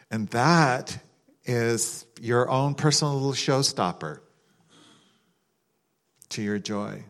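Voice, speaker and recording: A man's voice: mid-range voice, takes it slowly, long pauses, a bit bright. A man preaching a sermon and praying in a conversational, rambling way. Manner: conversational, rambling, acts out mock voices with laughter. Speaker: pastor. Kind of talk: sermon with prayer.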